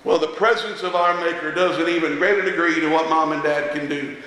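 A man preaching a sermon, impassioned and rising to shouts at times, recorded in an echoey church hall. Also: fairly high pitch, steady tone, fairly quick, a crowd in the background. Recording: echoey hall with long reverb.

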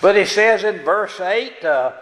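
A man's voice: sits high, expressive, a little slow, a bit bright, slight background noise. A man preaching a sermon in a church, folksy and plain-spoken, often checking in with the congregation through tag questions. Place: church sanctuary. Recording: echoey hall reverb.

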